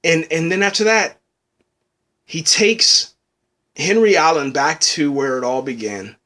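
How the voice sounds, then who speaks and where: A man talks through a TV episode in a loose, rambling way, circling back on his words and tacking "man" onto his sentences. His voice sits a bit high for a man, and he is choked up and close to tears. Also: unhurried, bright, forceful tone. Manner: rambling, says "man" a lot, restarts. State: tearful, choked up. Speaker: TV episode reviewer. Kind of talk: emotional casual review.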